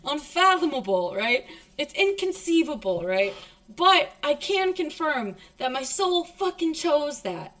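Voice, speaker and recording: A young woman streamer tells a personal story in casual talk, blunt and full of swearing. She is emotional and emphatic, and she pushes hard on her words. Her voice sits a little high for a woman. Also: very animated, a little slow, fairly bright tone.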